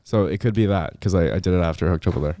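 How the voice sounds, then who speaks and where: A young man chatting casually, speaking haltingly and repeating his words as he talks. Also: low-pitched, a loud crowd. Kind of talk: casual chat.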